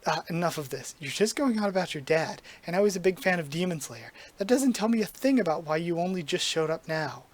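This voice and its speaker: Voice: mid-range voice, expressive, a little fast, few pauses, close to an everyday voice. A reader voicing an exasperated young male ogre student, blunt and impatient, reading comic dialogue aloud.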